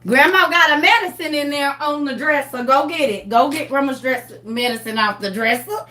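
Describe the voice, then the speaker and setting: A woman's voice: high-pitched, moderate pace, pushed and bright, reverberant, distant mic, voice pushed up. A woman putting on a bossy old granny. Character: fussy old grandmother bossing grandkids.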